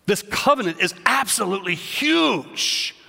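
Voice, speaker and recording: A man preaching a sermon with an American accent, reading scripture with rising, loud emphasis. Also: sits high, sing-song, unhurried, gravelly. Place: church sanctuary. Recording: long church reverb.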